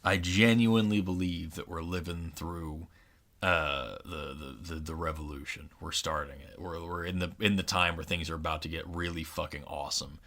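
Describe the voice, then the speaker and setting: A man's voice: low voice, fairly even intonation, normal speed, a bit bright. A young man from Oklahoma co-hosting a podcast, ranting angrily and swearing a lot in casual chat. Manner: angry, profane ranting. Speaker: podcast co-host.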